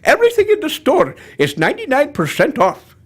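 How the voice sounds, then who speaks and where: A man's voice: extremely high pitch, wildly swooping pitch, a little fast, pitched above the performer's own voice, full character voice. A man voicing a cheery cartoon male shopkeeper in an exaggerated singsong. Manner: singsong, exaggerated accent put-on.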